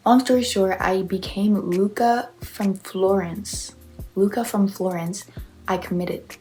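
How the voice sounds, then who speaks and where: Young woman reader, lower-pitched, quick sarcastic reactions, laid-back chat. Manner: chatty, filler-heavy, sarcastic asides. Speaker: reader reacting to online confessions. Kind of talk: casual reading and reaction.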